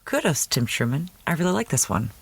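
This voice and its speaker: A man's voice: a little high, sing-song, a little fast, gravelly, very noisy. A man hosting a podcast, recapping a TV episode in a chatty, wry way. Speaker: podcast host.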